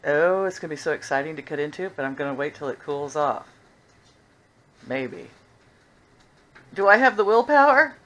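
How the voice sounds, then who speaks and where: A woman's voice: low-pitched, moderate pace, long pauses, rough recording. An older woman vlogging casually at home, chatty and giggly as she talks. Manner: chatty and giggly, lively sing-song.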